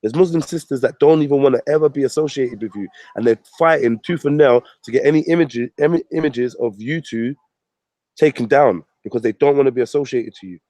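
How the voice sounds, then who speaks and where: Mellow-voiced profane ranter. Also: male voice, mid-range voice, brisk, no room sound. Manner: profane, mocking, combative. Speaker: vlogger. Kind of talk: ranting commentary.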